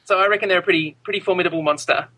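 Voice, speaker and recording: Bright-voiced man, high and eager. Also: low-quality recording. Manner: enthusiastic, halting restarts. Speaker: guest scientist. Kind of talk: casual interview answers.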